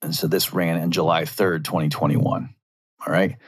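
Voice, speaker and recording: Man, deep voice, commentary monologue, argumentative, rhetorical asides. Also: steady tone, moderate pace, breathy edge.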